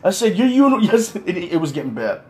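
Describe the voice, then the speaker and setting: A man's voice: fairly high pitch, big pitch swings, a little fast, darkish tone. A man telling a comic story in a crude, mocking rant, swearing all the time.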